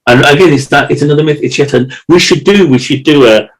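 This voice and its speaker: A man's voice: fairly high pitch, fast, rough recording. A man co-hosting a podcast, talking in an emotional, rambling way with many restarts and repeated words. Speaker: podcast co-host. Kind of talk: casual chat.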